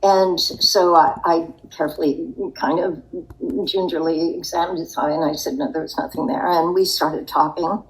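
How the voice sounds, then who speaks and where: A woman's voice: sits low, fairly even intonation, moderate pace, rough recording. An older woman telling a personal story in a podcast interview, in a reflective, wry way. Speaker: interview guest.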